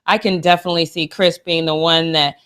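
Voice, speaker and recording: A woman's voice: low-pitched, level tone, fairly quick, a bit bright, smooth. A woman co-hosting a sports talk show, gushing and emotional, with sassy trash talk. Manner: gushing and emotional, with frequent laughs. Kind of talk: casual sports chat.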